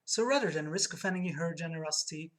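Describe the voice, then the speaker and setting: A woman streaming a video game, reading its text aloud with soft muttered asides. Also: low-pitched, fast.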